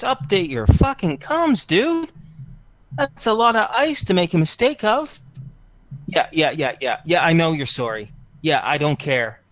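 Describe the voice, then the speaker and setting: A man's voice: on the high side, fairly bright tone, dry recording, lightly acted. A man voicing a portly, bearded male broker who is cocky, profane and pushy in a tabletop game. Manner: brusque, swearing, then salesy and grinning.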